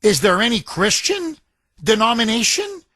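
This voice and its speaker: A man's voice: sits high, huge pitch swings, moderate pace, bright, forceful tone, dry recording. A male radio talk show host giving an indignant, emphatic monologue full of rhetorical questions, into a studio microphone.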